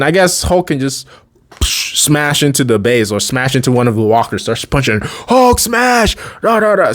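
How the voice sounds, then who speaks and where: A man giving casual, rambling commentary as a fan video creator, often correcting himself mid-sentence and chuckling between thoughts. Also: mid-range voice.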